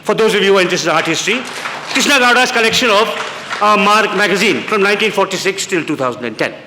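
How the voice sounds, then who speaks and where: A man in his sixties from India gives an anecdotal public lecture in a lecture hall, telling stories with quoted voices and halting restarts. His voice sits high with lively intonation. The hall is echoey, and there is background noise.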